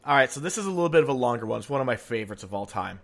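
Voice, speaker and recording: A man's voice: medium pitch, lively intonation, racing, gravelly, fairly bright tone. A man hosting a podcast, telling jokes in casual chat and laughing at his own punchlines. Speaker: podcast host.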